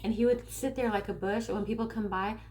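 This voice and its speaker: A woman from Northern California who works as a spiritual coach and tarot reader talks casually to camera. She rambles with restarts and slows down to stress her key points. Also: mid-range voice, fairly even intonation, darkish tone, a little hiss or hum. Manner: rambling, with restarts and acted-out quotes.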